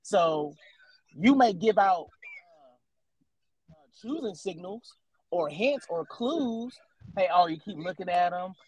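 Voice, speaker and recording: A man's voice: high-pitched, lively intonation, slow, pauses often, a little hiss or hum, rough recording. A man in his thirties on a casual adult chat podcast, teasing a co-host with questions and then explaining his opinions at length. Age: 30s.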